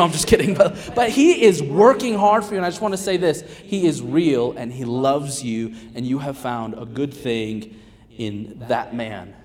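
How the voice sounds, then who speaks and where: A man in his thirties preaching a sermon as a guest pastor, conversational and animated, swinging from loud calls to hushed asides. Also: sits high, moderate pace. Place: church sanctuary. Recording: long reverb of a large hall.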